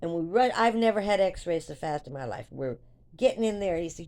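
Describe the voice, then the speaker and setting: Chatty older woman vlogger, slightly low voice. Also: a little fast. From United States. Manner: chatty, rambling, animated when retelling. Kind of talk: casual storytelling to viewers.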